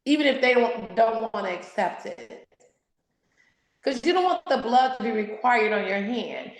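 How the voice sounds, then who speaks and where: A woman's voice: fairly high pitch, lively intonation, moderate pace, roomy sound, rough recording. A woman author and speaker giving an interview, exhorting in an emphatic, sermon-like way. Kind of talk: candid interview, preacherly.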